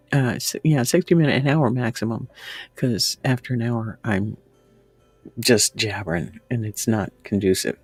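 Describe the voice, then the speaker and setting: A woman's voice: a bass voice, darkish tone, dry recording. A woman livestream host chatting casually with her viewers and reading their comments, laughing often and sometimes dropping to a whisper. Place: room at home with window open.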